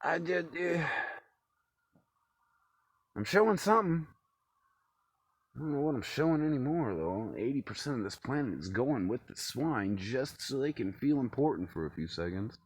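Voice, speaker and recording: A man ranting alone to camera in a cold room at home, swearing freely and swinging between loud outbursts and low muttering. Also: expressive, fairly quick, hardly any pauses, breathy edge, dry recording. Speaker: vlogger. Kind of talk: rambling solo rant to camera.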